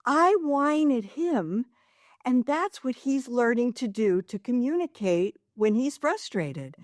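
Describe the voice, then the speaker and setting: Give me a slow, storytelling woman guest. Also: fairly high pitch, animated, no echo, studio quality. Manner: storytelling, acts out voices in anecdotes. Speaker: podcast guest, parenting expert. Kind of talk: conversational podcast discussion.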